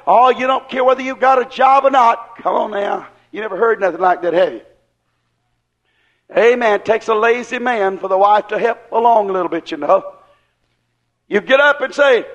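A man preaching a sermon in a fervent, folksy way, firing rhetorical questions at the congregation and rising into shouts. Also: sits high, normal speed, dull audio. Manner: acts out quoted people in voices.

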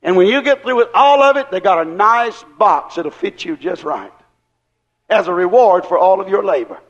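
A man preaching a sermon in a fervent, folksy way, firing rhetorical questions at the congregation and rising into shouts. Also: high voice, expressive, normal speed, lo-fi sound. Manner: acts out quoted people in voices.

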